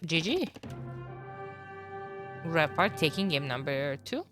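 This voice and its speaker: A woman commentating a strategy game match, her voice hoarse from being sick, talking at low energy with throat-clearing and fillers. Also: very animated, slow, music in the background. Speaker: tournament caster.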